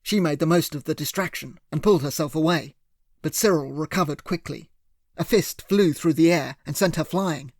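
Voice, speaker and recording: A man's voice: a little high, normal speed, no room sound, clean studio sound. Man narrating a thriller audiobook. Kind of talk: first-person thriller narration.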